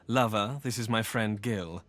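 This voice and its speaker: A lowish, unhurried, fairly bright male voice plays a seductive con-artist lover in a video game. The mood is teasing, and he purrs and talks down condescendingly.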